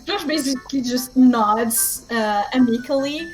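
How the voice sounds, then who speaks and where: A woman's voice: high voice, a little slow, a bit bright, faint music behind, poor audio. A woman playing in a tabletop game, talking in an upbeat and playful way. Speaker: player. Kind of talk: tabletop role-play chat.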